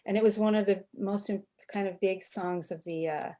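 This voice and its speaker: A woman anthropologist telling a personal story on a video call, animated and often restarting her sentences. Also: mid-range voice, normal speed. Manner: animated, self-interrupting storyteller. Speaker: anthropologist and author, guest.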